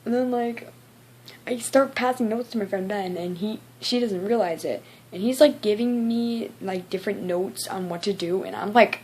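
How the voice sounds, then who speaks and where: A woman's voice: medium pitch, measured pace, a little mellow, a little hiss or hum. Chatty teen girl ranting about school. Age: teens. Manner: chatty, frequent "like" fillers, acts out quotes. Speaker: vlogger. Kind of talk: casual vlog rant.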